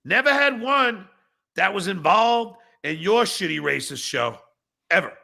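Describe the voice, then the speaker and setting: Brief: male podcast host, furious profane livestream rant, gravelly, bright edge, voice swings wide. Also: sits high, expressive, unhurried. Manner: angry, profane, bursts into shouting; reads viewer chats aloud with mocking replies. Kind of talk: livestream rant at chat commenters.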